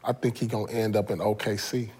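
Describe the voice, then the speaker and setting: A man's voice: on the low side, flat delivery, fast talker, a little mellow, husky. A man co-hosting a casual sports chat, laid-back and agreeable. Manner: laid-back, agreeing interjections, laughs along. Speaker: co-host.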